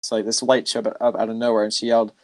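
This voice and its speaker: A man's voice: lowish voice, completely flat delivery, fast, darkish tone, no room sound. A man hosting a podcast, telling a story in a loose, rambling way with lots of filler words. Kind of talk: casual storytelling chat.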